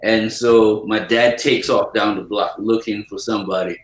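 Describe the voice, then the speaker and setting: A man's voice: lowish voice, normal speed. A man casually telling a funny story as a podcast host, chuckling often as he goes. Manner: animated anecdote teller who chuckles often. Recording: roomy echo.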